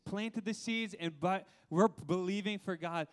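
A pastor in his thirties delivers a sermon with a notably high voice for a man. He keeps it lively, laughs along the way and often turns to the congregation with questions. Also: unhurried.

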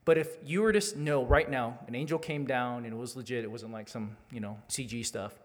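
A man's voice: medium pitch, fairly quick. A man preaching a sermon as a pastor, candid and earnest, building to urgent appeals. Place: church sanctuary. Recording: long hall reverb.

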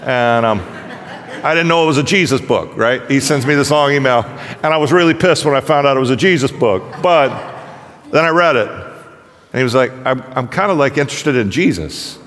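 Joking pastor in a reverberant hall. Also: male voice, medium pitch, brisk. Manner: conversational, joking, animated storytelling. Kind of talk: casual humorous sermon.

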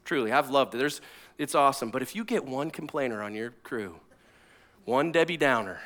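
A pastor who used to be a firefighter preaches energetically and conversationally, drawing on personal stories. His brisk, mid-range voice swings between loud bursts and hushed asides.

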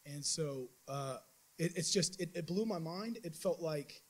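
A man giving a church mission trip report as an informal sermon testimony, telling his story in an animated way with many restarts. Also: a little high, measured pace, low-quality recording.

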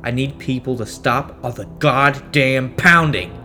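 A man voicing a volatile male space-station worker, shouting in fury and strain. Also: medium pitch, a little slow, soft background music. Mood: angry, strained. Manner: shouting, furious, harrowed.

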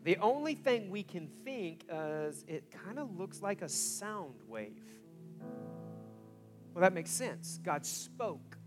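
High-voiced, animated male preacher. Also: takes it slowly, music in the background. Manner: animated storytelling, swinging from hushed to loud exclamations. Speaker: pastor. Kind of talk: sermon.

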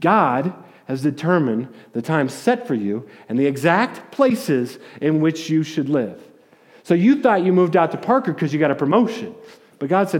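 Guy pastor giving a sermon, kinda high voice, stumbles and repeats words, chatty storytelling. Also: lively intonation, moderate pace, a little mellow. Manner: conversational preaching with frequent stammered restarts; storytelling, acting out voices in quotes.

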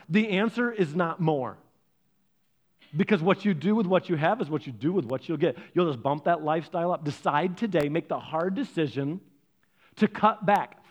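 A man's voice: sits high, highs cut off. A middle-aged man pastor preaching a sermon with energy, leaning on emphasis and repetition.

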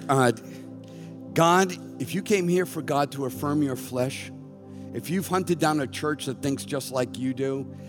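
A middle-aged man preaching a sermon as pastor, emphatic and conversational, with wry self-deprecating asides. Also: mid-range voice. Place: church sanctuary. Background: soft music underneath.

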